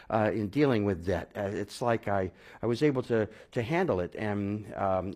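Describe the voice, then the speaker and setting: A middle-aged man telling a personal story in a casual, rambling way, full of fillers and restarts, rising to loud excited bursts and dropping to quiet low stretches. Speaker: guest telling his testimony.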